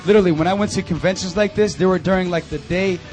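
A young man in his twenties giving an animated, chatty testimony and announcements to a youth group at a church service. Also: sits high, fast talker, faint music behind. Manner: animated and conversational, full of fillers. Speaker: youth ministry speaker.

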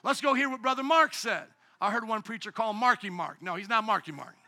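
High, bright-voiced animated male preacher. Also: a little fast. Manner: animated preaching, acts out voices, shouts at times. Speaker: pastor. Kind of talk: sermon.

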